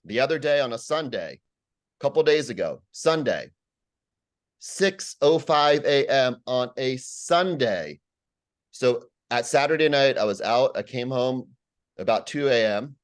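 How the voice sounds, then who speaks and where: A man's voice: mid-range voice, expressive, normal speed. Aggrieved rambling man complaining. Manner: aggrieved, rambling, full of fillers and repeats. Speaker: resident commenting at a public meeting. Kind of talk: public comment at a community meeting.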